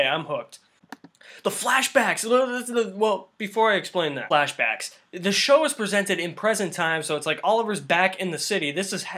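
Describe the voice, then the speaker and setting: With a high, bright voice and forceful tone, a show reviewer talks through a TV season, rambling casually. His speech is packed with fillers, especially "like."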